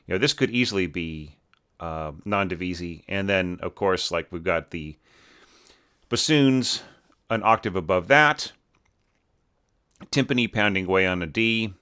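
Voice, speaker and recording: A man's voice: deep voice, lively intonation, a little slow, pauses often, pushed and bright, clear, resonant tone. A man teaching orchestration, talking through a student's score in a loose, unscripted way, full of "you know" and "right?" and restarting his sentences as he thinks aloud. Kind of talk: casual spoken score review.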